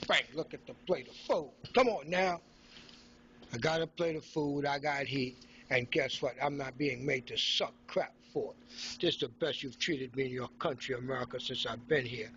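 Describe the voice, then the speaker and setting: A man's voice: mid-range voice, a bit bright, muffled recording, slight background noise. A middle-aged man from Haiti, ranting sarcastically and combatively into his phone in an indoor room. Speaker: vlogger. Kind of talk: ranting selfie monologue.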